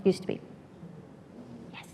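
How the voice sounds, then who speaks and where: A woman's voice: slow, very noisy. Chatty woman telling stories, echoey hall. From San Antonio, Texas. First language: Spanish. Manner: lively, laughing, chatty. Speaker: workshop speaker. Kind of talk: storytelling to an audience. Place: workshop room.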